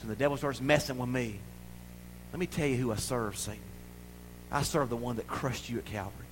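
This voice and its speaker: A man preaching a sermon in a folksy, playful way, building to loud declarations. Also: mid-range voice, a little hiss or hum, low-quality recording. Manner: folksy, playful preaching with acted-out voices and rising shouts. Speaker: pastor.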